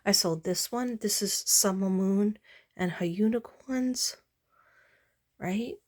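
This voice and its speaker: A woman artist showing her work in a casual late-night vlog chat, meandering with many pauses and fillers, sounding tired. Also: medium pitch, a little mellow.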